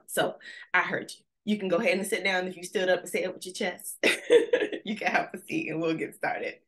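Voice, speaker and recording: A woman giving an energetic, playful motivational talk with call-and-response to a virtual audience. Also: on the low side. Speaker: conference speaker.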